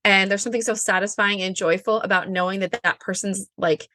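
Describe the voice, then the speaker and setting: A woman's voice: mid-range voice, steady tone, brisk, pushed and bright, no echo. Chatty woman with a dry close sound. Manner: bubbly, chatty, says like and um often. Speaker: guest, Enneagram coach. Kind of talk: casual interview chat.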